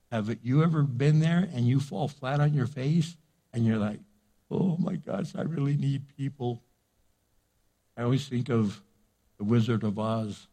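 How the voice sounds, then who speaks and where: An older man preaching a sermon, lively and conversational, acting out little exchanges between people. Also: medium pitch. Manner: animated preaching with acted-out dialogue. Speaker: pastor.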